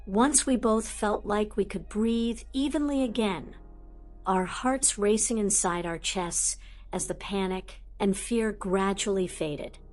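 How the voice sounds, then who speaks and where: A woman narrating a first-person audiobook in a soft, measured way. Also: medium pitch.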